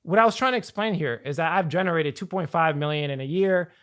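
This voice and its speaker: A man coaching viewers on finance in an energetic, rambling talk to camera, often repeating and restarting his phrases. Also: on the high side, fast. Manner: energetic, rambling, hype-building. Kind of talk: hyped talk to camera with slides.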